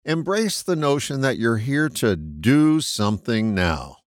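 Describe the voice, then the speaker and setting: A man reading a short scripted motivational reflection, slowing down to stress key words. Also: medium pitch, big pitch swings, no room sound, clean studio sound. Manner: measured, slow emphatic stresses on key words. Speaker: host of a short reflection segment.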